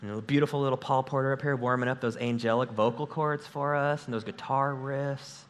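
A man of middle pitch preaching to his church, energetic and conversational. He jokes with the congregation and thanks his volunteers as he moves through the sermon. His voice comes through a stage microphone in a church sanctuary. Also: brisk. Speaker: pastor.

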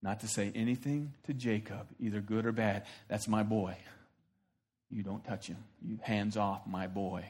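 A stern, protective divine father, as a male preacher puts him on, speaking low and quiet. Each warning is short and firm, with a hushed weight behind it, a sermon illustration rather than a full performance. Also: steady tone, moderate pace, breathy edge.

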